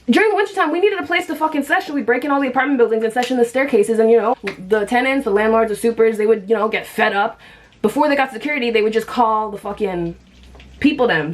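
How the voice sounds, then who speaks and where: A young woman vlogger telling a story in a blunt, heated, profane way while she does her makeup. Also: a little high. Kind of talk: storytime vlog.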